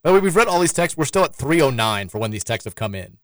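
A man's voice: mid-range voice, very animated, fast talker, fairly bright tone, no room sound. A man hosting a sports radio show in casual chat, with a sarcastic, dry joking manner.

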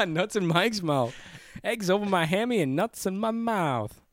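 A man's voice: high-pitched, expressive, a little slow, dry recording, clean studio sound. A young man co-hosting a casual podcast, laughing often and swearing freely. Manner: laughs often, loose and profane. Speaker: podcast co-host.

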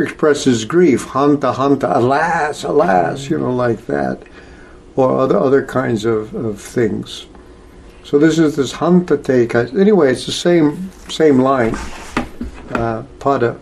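A man teaching a scripture class in a slow, halting way, with many filler sounds as he explains verses. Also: medium pitch, creaky, a little mellow, a little hiss or hum. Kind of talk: lecture on scripture.

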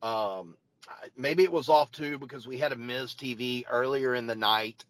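A man co-hosting a wrestling podcast, chatting casually as an eager fan whose voice jumps up when excited. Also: mid-range voice, moderate pace, no room sound, poor audio. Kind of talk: casual chat reviewing wrestling.

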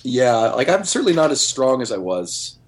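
A man's voice: medium pitch, big pitch swings, moderate pace, slight background noise. A man in his forties in casual podcast chat, speaking thoughtfully with some hesitation.

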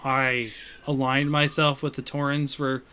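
A man hosting a casual chat about games over an online call, relaxed and chuckling often. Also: mid-range voice, measured pace, clear, resonant tone. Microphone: video call. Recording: online call, connection glitches.

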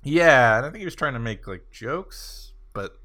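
A young adult man co-hosting a casual podcast chat, easygoing and quick to laugh. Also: medium pitch, animated, sharp tone. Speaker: podcast co-host.

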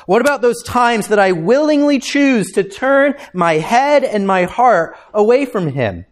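A man's voice: high voice, voice pushed up, heavily acted. A man voicing an anguished adult male churchgoer who doubts he is forgiven, pleading and pressing question after question.

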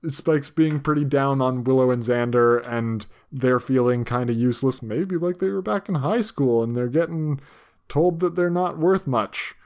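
A man's voice: medium pitch, moderate pace, darkish tone. Laughing, swearing male podcast co-host. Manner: swearing, laughing often, mocking asides in silly voices. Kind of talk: casual chat.

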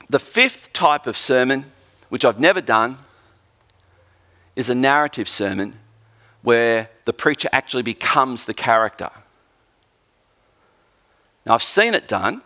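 Aussie preacher guy giving a sermon in church, tells stories, does the voices. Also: mid-range voice. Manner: animated storytelling, acts out quotes. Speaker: pastor.

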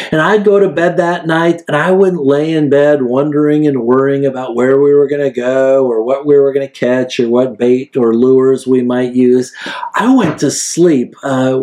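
A man preaching a sermon in a relaxed, conversational way, telling stories and acting out quoted speech. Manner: storytelling, acts out quoted speech with big pitch jumps; conversational, frequent fillers. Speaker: pastor.

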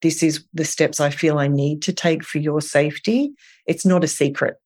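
A woman speaking as a therapist guest on a podcast, gentle and reassuring, thinking aloud with soft fillers. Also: low-pitched, steady tone, normal speed. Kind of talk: podcast interview.

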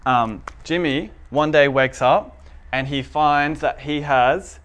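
A man's voice: on the high side, slow, a bit bright, clean tone. Casual chatty male church teacher. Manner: chatty and informal, asks the audience for agreement. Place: church room with a blackboard.

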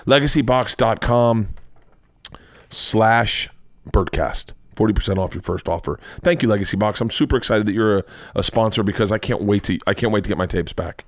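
Male podcast host, off-script ad reads, profane and excitable, dry room. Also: fairly low pitch, moderate pace, no echo. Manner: rambling, profane, self-interrupting; hyped shouting bursts. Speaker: podcast host reading ads. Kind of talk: loose ad read.

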